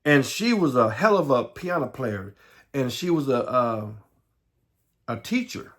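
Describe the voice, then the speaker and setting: A middle-aged man with a Southern American accent, telling his life story in a halting way, with many repeats and restarts, sometimes dropping to a low murmur. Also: big pitch swings. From Southern United States. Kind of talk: personal life story monologue.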